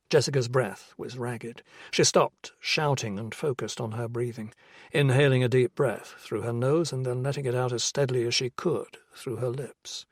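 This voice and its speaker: Husky male audiobook narrator. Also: medium pitch, fairly even intonation, moderate pace, no room sound, studio quality. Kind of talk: scripted narration.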